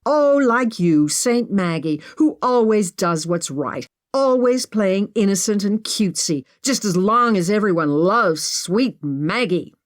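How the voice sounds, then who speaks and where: A woman's voice: medium pitch, animated, a little slow, few pauses, voice pushed up, natural voice. A woman narrator voicing a defensive, sarcastic young woman who snipes in a raised voice.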